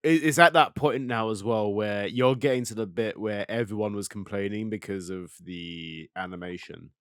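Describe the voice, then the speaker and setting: A man's voice: on the low side, moderate pace, a bit bright, clear, resonant tone, dry recording, studio quality. A man co-hosting and editing a podcast, rambling casually with lots of filler words. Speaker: podcast co-host and editor. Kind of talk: casual chat.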